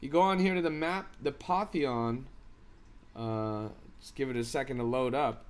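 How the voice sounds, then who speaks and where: A man's voice: mid-range voice, normal speed, smooth. A man hosting a crypto live stream, giving hyped, slangy commentary and talking straight to his chat. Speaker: crypto livestream host.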